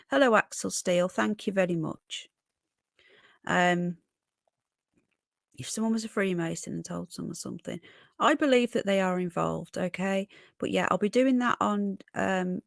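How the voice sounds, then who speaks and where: A woman hosts a casual livestream, chatting with viewers and thanking them by name. Her medium-pitched voice has vocal fry, and the studio recording is clean with no room sound.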